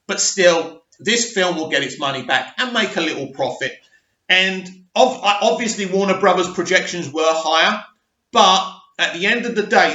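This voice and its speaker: A man's voice: sits high, bright, forceful tone. A man hosting an opinionated movie news vlog, ranting emphatically with frequent restarts. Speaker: movie commentary host. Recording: echoey room, dull lo-fi sound.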